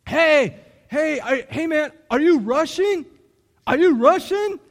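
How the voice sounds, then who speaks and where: A man's voice: very high voice, fairly even intonation, moderate pace, pitched above the performer's own voice. A man voicing a pushy, eager young male fraternity recruiter who talks insistently.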